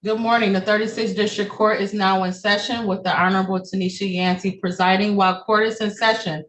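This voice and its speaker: A court clerk reads the opening announcement and court rules in a brisk, recited way. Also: medium pitch, flat delivery, a bit bright. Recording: echoey room with faint noise.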